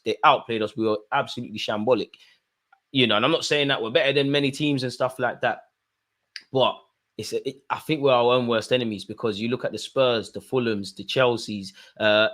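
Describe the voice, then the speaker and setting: A young man chatting on a live football stream, reading out super chats in a rambling, slangy way. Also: mid-range voice. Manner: animated, slangy, rambling with fillers. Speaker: football watch-along streamer.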